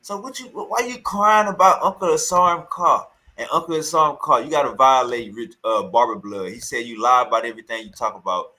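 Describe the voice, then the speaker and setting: A male streamer giving loud, teasing reaction commentary, repeating his taunts again and again. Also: mid-range voice, fairly quick, hardly any pauses, low-quality recording.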